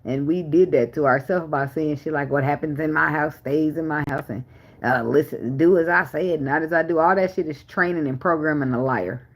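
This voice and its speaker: A woman's voice: sits low, poor audio. A woman, giving a tarot reading as casual talk, blunt and profane, full of rhetorical questions. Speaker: tarot reader. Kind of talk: casual spiritual reading and rant.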